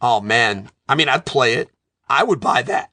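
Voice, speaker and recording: A man in his thirties chatting casually about video games, telling animated stories as a self-described nerd. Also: mid-range voice, normal speed, no echo. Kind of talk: casual chat.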